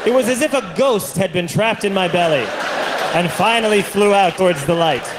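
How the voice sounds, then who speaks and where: A man doing a stand-up comedy set, telling stories in an animated way and acting out other people's voices, recorded live on stage. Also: high-pitched, normal speed, a loud crowd. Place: comedy stage with a laughing audience. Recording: live show with audible audience noise.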